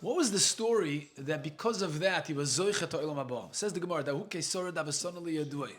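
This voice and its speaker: A man's voice: a little high, fast, fairly bright tone. A man, a rabbi, teaching a casual Talmud class to a live group. He reads short Aramaic phrases, then explains them in chatty English, thinks aloud and jokes with his students.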